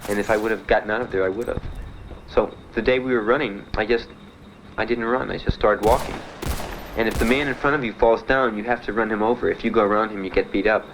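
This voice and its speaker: A man's voice: lowish voice, a little hiss or hum, low-quality recording. A young American man from Miami, a veteran bluntly and matter-of-factly telling his own story with dry laughs. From United States (Miami). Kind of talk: candid spoken testimony.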